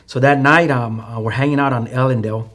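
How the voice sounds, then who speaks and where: A man's voice: medium pitch, fairly even intonation, fast talker, a bit bright. Chicano man telling a hard story. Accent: Chicano English. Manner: storytelling with acted quotes, many fillers and restarts. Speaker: podcast guest. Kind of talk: emotional personal testimony.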